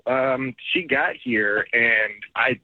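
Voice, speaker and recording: A man's voice: mid-range voice, slow pace, no room sound. Male caller on a tinny phone line. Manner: relaxed, chatty, a little laughing. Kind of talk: phone-in call to a radio show.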